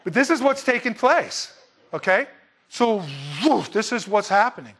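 A man's voice: very high voice, expressive, normal speed, fairly bright tone. A man preaching a sermon in a conversational, emphatic way, with folksy asides to the congregation.

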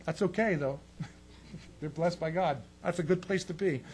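A man preaching a sermon on prophecy, animated and emphatic, with sarcastic asides. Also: on the high side, unhurried, long pauses, breathy edge.

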